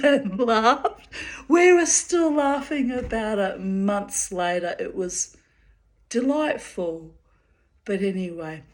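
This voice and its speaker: Brief: woman vlogger, unhurried, rambling anecdotes. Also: on the low side. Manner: chatty, digressive, with asides and "you know". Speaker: vlogger telling personal stories. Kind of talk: rambling storytelling monologue.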